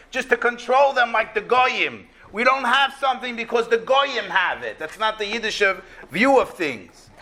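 A man with a very high, bright voice teaching a Torah class. He explains the verse with energy and acts out the speakers in it. His tone is lively and expressive. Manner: animated, acts out quotes.

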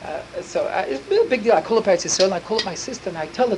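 Fast-talking man telling a story with inflection. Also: sits high, expressive, a little hiss or hum, poor audio. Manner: rapid, breathless, full of Yiddish and Hebrew words. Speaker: storyteller for children. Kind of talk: animated storytelling.

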